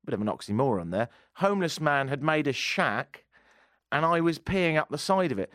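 A man's voice: fairly high pitch, very animated, moderate pace, a bit bright, no echo, clean studio sound. Chatty English man telling a story. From England. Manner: chatty, self-mocking storyteller. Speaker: radio talk show host. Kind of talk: casual anecdote.

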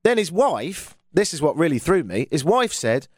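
A man's voice: mid-range voice, wildly swooping pitch, moderate pace, a little mellow, no room sound. A middle-aged man from England with a London accent, hosting a call-in radio show in a chatty, jokey, self-mocking way. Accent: London English. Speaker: radio phone-in host. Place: radio studio.

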